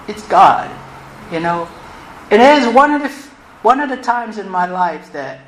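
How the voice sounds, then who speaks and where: A woman, telling her personal recovery story to a meeting in a candid, conversational and animated way. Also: mid-range voice. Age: 60s. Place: meeting hall. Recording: roomy hall, faint noise.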